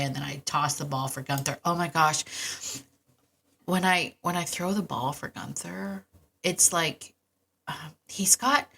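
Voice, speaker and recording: A middle-aged woman with a low-pitched voice talks casually on her podcast. Her tone is bright and forceful, and she gets enthusiastic and chatty, with frequent asides. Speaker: podcast host and dog trainer. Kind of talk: casual solo podcast talk.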